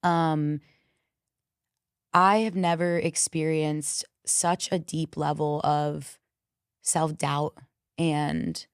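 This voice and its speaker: A woman with a low voice tells stories frankly and bluntly, swearing freely as she goes. She speaks as a coach and podcast guest in casual conversation. The sound is close and dry. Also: very slow, long pauses, clear, resonant tone, dry recording. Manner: frank, profane, animated storyteller.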